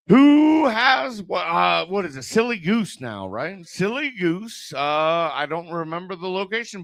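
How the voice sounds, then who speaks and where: A man hosts an open mic at a bar, rambling and cursing casually. He talks slowly, and his pitch swings around a lot. The mic sound is close and dry. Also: a bit bright, no echo. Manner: rambling, profane, offhand. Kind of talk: casual stage introduction. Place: small bar club. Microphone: handheld stage mic.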